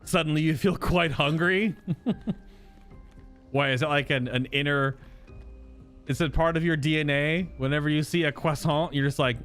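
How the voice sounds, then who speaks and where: A man's voice: fairly high pitch, unhurried, long pauses, fairly bright tone, soft background music. A man giving casual, playful commentary while playing through a video game, joking and thinking aloud as he explores. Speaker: let's play host.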